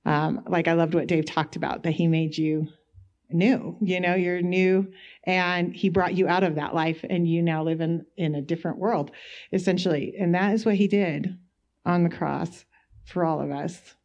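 A woman's voice: fairly low pitch, steady tone, normal speed, a little mellow, muffled recording. A woman sharing a personal faith testimony at a church gathering, telling it in a chatty way and acting out her own asides.

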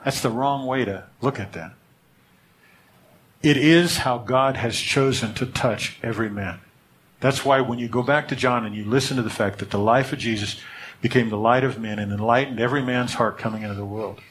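A man's voice: medium pitch, moderate pace, fairly bright tone, a little hiss or hum. A man teaching a sermon in a conversational way, often checking in with his listeners and restarting his sentences. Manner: restarts and repeats words. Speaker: pastor.

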